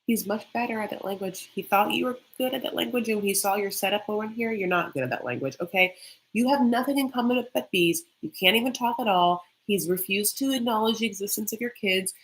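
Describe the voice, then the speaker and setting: A young woman hosting a reality-TV recap vlog, ranting bluntly and profanely, with quick mocking impressions of the people she describes. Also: mid-range voice. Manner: mocking, with quick acted-out quotes. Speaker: recap vlogger.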